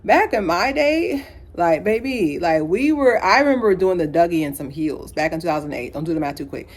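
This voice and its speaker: A woman in her thirties ranting casually to camera, animated, with frequent laughs and playful asides. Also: deep voice, fairly quick. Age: 30s. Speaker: vlogger. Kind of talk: casual opinion rant to camera.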